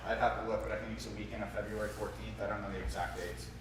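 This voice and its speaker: A man's voice: fairly low pitch, fairly even intonation, rapid-fire, very noisy. A man chatting casually and offhandedly from off to the side of a livestream. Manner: easygoing, offhand. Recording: echoey gym sound from far off the mic.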